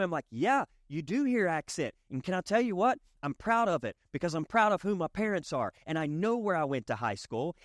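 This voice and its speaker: A pastor from East Tennessee with a Southern accent, preaching in a conversational, animated storytelling way. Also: male voice, sits high, no echo, clean studio sound. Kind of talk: sermon. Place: church.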